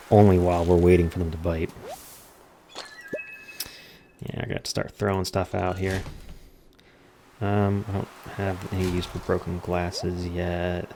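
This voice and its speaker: Low-voiced man explaining a game. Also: background noise. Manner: relaxed, explains mechanics step by step. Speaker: gameplay commentator. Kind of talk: casual let's-play commentary.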